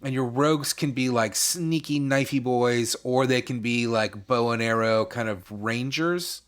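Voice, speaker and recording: A man's voice: medium pitch, a little slow, clean tone. A young man co-hosting a casual gaming podcast, rambling with lots of "like" and mock-outraged rants. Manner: rambling, heavy use of "like", mock-outraged ranting. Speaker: podcast co-host.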